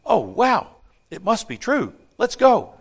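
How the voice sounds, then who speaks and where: A man voicing a gullible, excitable female hen with breathless high exclamations in a children's story. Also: normal speed, gravelly, full character voice. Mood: excited.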